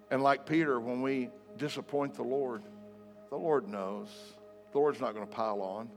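A man preaching a sermon to a congregation in a church hall, emphatic, swinging between loud declarations and soft asides. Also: medium pitch. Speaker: pastor. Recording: long hall reverb, faint music behind.

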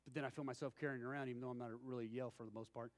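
Through rapid-fire, down-to-earth storytelling, a man delivers a sermon and dramatizes the voices of his characters. His voice is mid-range with fairly even intonation, and the room adds a long, hall-style reverb.

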